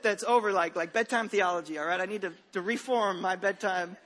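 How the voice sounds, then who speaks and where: A very high-pitched man in his thirties preaches a Sunday sermon from a church stage. His voice is bright and forceful, and he talks in a loose, conversational way, joking and restarting his sentences as he tells stories. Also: a little fast. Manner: conversational, humorous storytelling with frequent restarts. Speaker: pastor.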